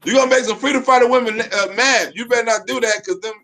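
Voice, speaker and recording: A man's voice: very high-pitched, fast talker, a bit bright. A man hosting a casual livestream, reading viewer comments aloud and laughing often. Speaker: livestream host.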